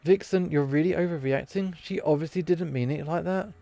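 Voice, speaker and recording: A man's voice: a little high, fairly quick, creaky, no echo, voice pushed up. Brief: man voicing a kind, level-headed reindeer girl from a visual novel, soothing. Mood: calm. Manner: gentle and reasoning. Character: calm, kind female reindeer peacemaker.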